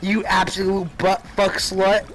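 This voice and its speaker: A young man hosting a gaming video, yelling profane trash talk and laughing at his friend. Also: high voice, completely flat delivery, unhurried, slight background noise, poor audio. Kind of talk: casual gaming commentary.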